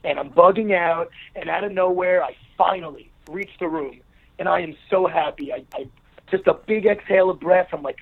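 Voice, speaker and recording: A man's voice: sits high, moderate pace, gravelly. A man, a podcast guest, telling a long story in a rambling casual way with many fillers and restarts. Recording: narrow phone-like line.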